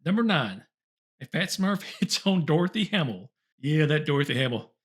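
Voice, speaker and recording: A man's voice: on the high side, big pitch swings, moderate pace, husky. A man hosting a comedy show, reading old top ten lists aloud with chuckles and wry asides. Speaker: host.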